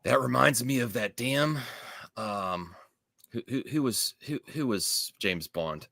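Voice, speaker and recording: A man hosting a podcast, chatting casually about movies with animated, opinionated rants and quick asides. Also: medium pitch, vocal fry, no room sound. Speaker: podcast host.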